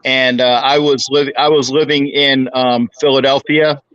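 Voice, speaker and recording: A man's voice: medium pitch, little pitch movement, normal speed, fairly bright tone, no room sound. A man in his sixties, a guest chatting casually and humbly, talking into his phone. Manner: humble, chatty, self-deprecating. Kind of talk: casual interview chat. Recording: muffled phone audio.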